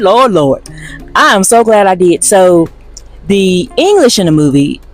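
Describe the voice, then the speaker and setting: A woman's voice: deep voice, a little mellow. A woman giving a chatty vlog review, addressing her viewers as y'all. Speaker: vlogger reviewing shows.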